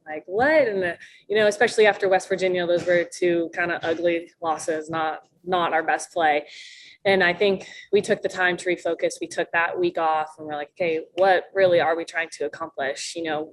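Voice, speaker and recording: A woman's voice: lowish voice, slight background noise, poor audio. A young woman from Minnesota, a college volleyball player, answering podcast interview questions in a chatty way, laughing often and acting out quotes. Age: young adult.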